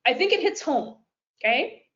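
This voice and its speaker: In a high, sing-song voice with a fairly bright tone, a woman business coach runs a live webinar at normal speed. She talks to her audience casually and directly, saying "you guys" and leaning on frequent fillers, over lo-fi sound.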